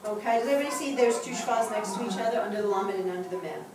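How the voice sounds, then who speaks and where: A woman's voice: medium pitch, expressive, very fast, crowd noise. Upbeat woman teaching, echoey and far. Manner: upbeat, laughs often. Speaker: Hebrew teacher. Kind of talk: classroom teaching. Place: classroom. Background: class of adult learners.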